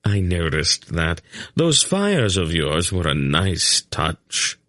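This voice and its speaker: A man's voice: sits low, very animated, slow pace, bright, forceful tone, no room sound, heavily acted. A man voicing a sly, urbane male spy and merchant with a dry, unflustered manner. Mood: smug.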